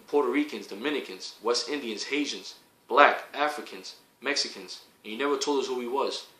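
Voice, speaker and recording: A man delivering a heated, profane preaching rant, repeating himself and rising to shouts. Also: mid-range voice, reverberant, poor audio.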